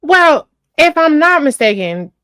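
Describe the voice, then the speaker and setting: A woman co-hosting a talk radio show, arguing bluntly and forcefully and swearing freely. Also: sits high, big pitch swings, measured pace, no room sound, clean studio sound. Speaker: radio co-host.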